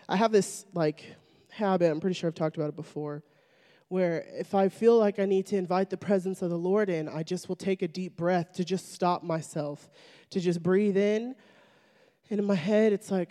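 A woman's voice: mid-range voice, moderate pace, darkish tone. A young woman sharing a personal faith testimony, telling it as a chatty story full of fillers. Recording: long hall reverb.

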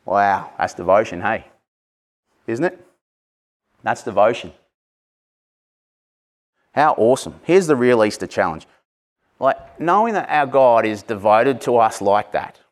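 A man's voice: fairly low pitch, animated, a little slow, pauses often. A man preaching an Easter sermon in a church, passionate and conversational, breaking off into casual asides. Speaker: pastor.

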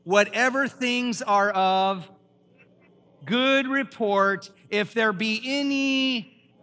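A man preaching a lively sermon at a church, emphatic and quizzing the congregation with questions. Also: high-pitched, drawn-out words. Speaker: pastor.

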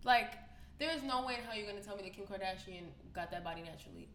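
A woman from New York co-hosting a podcast, talking in a blunt, profane, animated way and telling stories in a casual chat. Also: mid-range voice, fast. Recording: roomy, with faint background noise.

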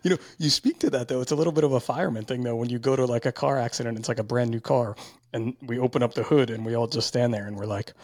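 Gravelly husky man hosting a podcast. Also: mid-range voice, fairly even intonation, quick pace, darkish tone, dry recording, studio quality. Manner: chatty, candid, repeats words. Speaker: podcast host and firefighter. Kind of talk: casual interview chat.

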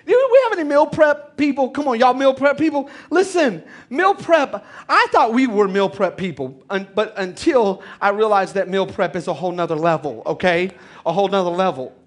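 High-voiced animated male preacher. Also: normal speed, hardly any pauses. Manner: animated preacher, calls out to congregation. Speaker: pastor. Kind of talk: sermon.

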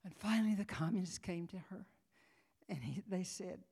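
This woman's voice sits on the lower side, mellow and husky with vocal fry, at a moderate pace. Preaching at a conference, she recounts a story theatrically, nearly weeping, alternating between whispers and cries.

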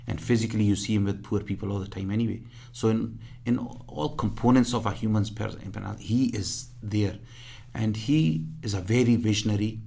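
A male charity fundraiser, a guest, telling earnest stories in a casual interview, halting with many restarts. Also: lowish voice, gravelly, darkish tone.

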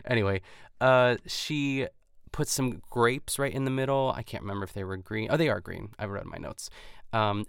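A man's voice: fairly low pitch, creaky, smooth, no room sound, studio quality. A man hosting a podcast, chatting casually as he recaps a cooking show, rambling and sometimes losing his place. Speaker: podcast host.

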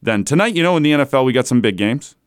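A man hosting a solo sports talk show from a studio, chatting in a casual, animated way and chuckling as he goes. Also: medium pitch, rapid-fire, clean tone, no echo. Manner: animated, chatty, laughs between lines.

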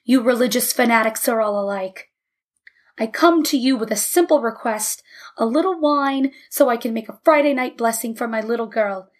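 A woman voicing a stubborn, proud middle-aged father in a storybook reading, blunt and quick to anger. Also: a little high, close to an everyday voice. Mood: angry.

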